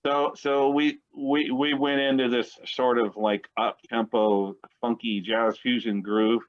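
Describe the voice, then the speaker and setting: Speaking slowly and flatly in a mid-range voice, a man of about sixty, there as a guest musician, spins long, rambling anecdotes during a casual interview. He's chatty and wanders from story to story, and the recording sounds dull and lo-fi.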